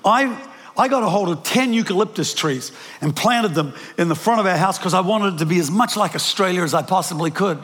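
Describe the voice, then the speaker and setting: Speaking fairly quickly in a high, fairly bright voice, an older New Zealand pastor preaches in a big reverberant hall. His storytelling keeps restarting and is sprinkled with jokes at his own expense.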